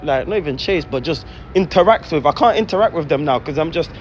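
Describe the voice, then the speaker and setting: A man's voice: on the high side, lively intonation, quick pace, lo-fi sound, slight background noise. A bubbly man, ranting casually in slangy street talk. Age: 30s. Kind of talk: casual vlog rant.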